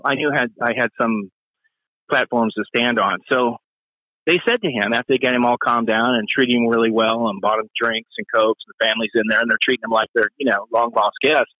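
A man, a former police officer and Marine, telling a profane story in an animated way and acting out the voices he quotes. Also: no room sound, low-quality recording. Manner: profane, acts out quoted voices with sharp pitch jumps.

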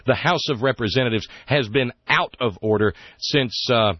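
A man's voice: mid-range voice, lively intonation, normal speed, no echo, lo-fi sound. A man hosting a political talk radio show, indignant and sarcastic, rambling through his points with fillers.

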